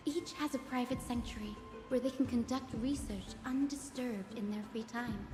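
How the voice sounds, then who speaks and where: A woman voicing an earnest young game guide, high voice. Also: lightly acted. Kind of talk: game dialogue. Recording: roomy game audio with music behind.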